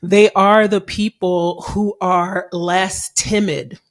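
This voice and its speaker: Woman in her 30s, podcast host on the road. Candid, chatty, plenty of ums and restarts, mid-pitched voice. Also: level tone, slow pace. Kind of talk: casual solo podcast advice. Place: recording while traveling abroad.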